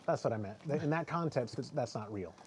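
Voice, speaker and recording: Man, podcast host, casual chat, rambling, jokey, mild speech impediment, mid-pitched, faint background noise. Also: expressive, a little fast, darkish tone. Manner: rambling, self-correcting, jokey.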